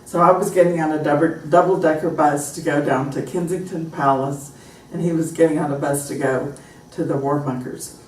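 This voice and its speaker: Speaking low and fairly quickly with few pauses, this American pronunciation teacher tells lively stories and acts out sample phrases. The mic sits far away in an echoey room, picking up a little hiss or hum.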